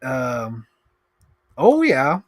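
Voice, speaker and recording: A man in his thirties rambles through a casual unboxing stream at a middling pitch. He talks in an excitable, chatty way and keeps breaking into laughs. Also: very slow. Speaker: streamer host. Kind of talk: casual chat while unboxing collectibles.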